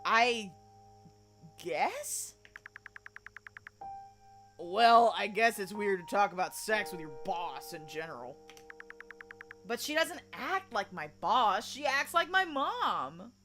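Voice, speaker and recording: Soft music plays as a woman with a Southern US accent reads a visual novel, playing a young man who wryly tells a friend about an awkward moment. Her mid-range voice is very animated yet slow, fairly bright, with frequent pauses, in a conversational storytelling style.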